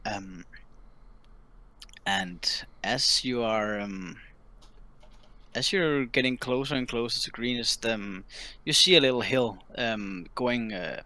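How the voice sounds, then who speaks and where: Game-master narrator, man, slow delivery, bright tone, halting with fillers. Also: mid-range voice. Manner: hesitant, many ums and restarts. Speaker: dungeon master.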